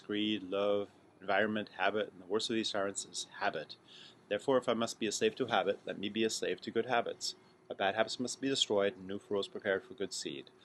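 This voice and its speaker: A man's voice: fairly low pitch, fairly bright tone, poor audio. A sleepy man reading a text aloud for his video, who often stumbles and restarts lines and now and then breaks off to chat. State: sleepy, yawning. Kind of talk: casual reading aloud with chatty asides.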